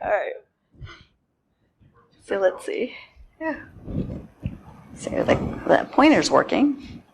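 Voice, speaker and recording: A woman giving a talk at a security conference. She tells the story in a relaxed way and laughs easily. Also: medium pitch, slow pace, creaky, a little hiss or hum. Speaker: conference speaker.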